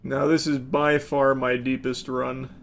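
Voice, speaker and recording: A man giving excitable gameplay commentary, swearing, yelling and laughing at the game. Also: medium pitch, measured pace, vocal fry. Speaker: gaming commentator.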